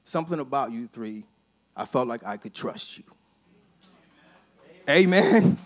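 In a church sanctuary, a male pastor delivers a sermon, sharing a personal story in a relaxed, chatty manner. He's expressive and a little slow, frequently lowering his voice to a soft hush to drive points home.

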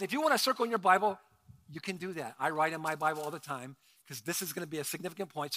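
A male pastor preaching a sermon in a conversational way, breaking into loud emphatic bursts. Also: sits high, big-room sound.

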